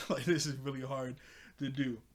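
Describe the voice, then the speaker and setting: A man's voice: medium pitch, level tone, moderate pace. A man giving a casual, chatty episode recap, filling his talk with "like" and laughing often. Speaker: TV episode reviewer.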